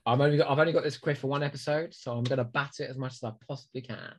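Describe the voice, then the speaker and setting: A man's voice: medium pitch, steady tone, very fast, a loud crowd. A man co-hosting a podcast in casual comedic chat, teasing his partner and giggling often. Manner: teasing, giggly, playful banter. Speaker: podcast co-host.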